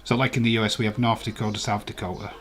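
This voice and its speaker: He races along in a level tone, his pitch fairly low. The speaker is a live stream host from West Yorkshire with a Yorkshire English accent, bantering playfully and argumentatively with viewers during a casual watch-along.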